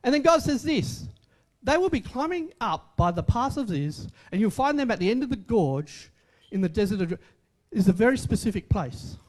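A man's voice: high voice, big pitch swings, normal speed. A man preaching a sermon in a conversational way, repeating short phrases for emphasis and asking the congregation questions. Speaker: pastor.

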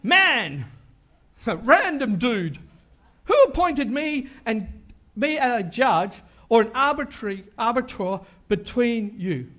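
A calm teacher as a preacher plays him who brushes off a request in plain, dismissive words. The voice is high and moves a lot. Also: male voice, slow pace, full character voice. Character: calm teacher answering a crowd.

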